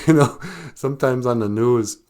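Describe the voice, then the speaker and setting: A man's voice: mid-range voice, measured pace, darkish tone. A man from Minnesota, hosting a show in a casual joking monologue, rambling and chuckling often. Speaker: show host.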